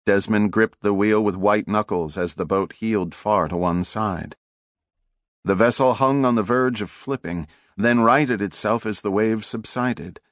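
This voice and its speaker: A man giving measured, dramatic scripted narration for an audiobook on a close studio mic. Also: fairly low pitch, dry recording.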